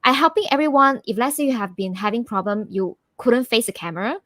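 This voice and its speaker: Brief: female guest, fairly high voice, eager and upbeat, dry close sound. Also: a little fast, a bit bright, no room sound. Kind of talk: interview answer.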